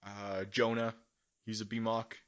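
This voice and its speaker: A man's voice: lowish voice, flat delivery, slow, fairly bright tone. A man co-hosting a podcast in casual chat, playful and teasing. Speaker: podcast co-host. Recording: dull lo-fi podcast audio.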